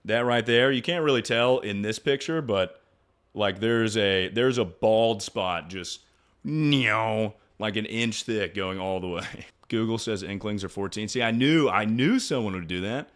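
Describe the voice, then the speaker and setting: Young guy streamer, kinda low voice, crude jokey banter, laughs a lot, trails off and restarts. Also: a little slow, a bit bright, smooth. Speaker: streamer answering chat questions. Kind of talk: casual livestream chat.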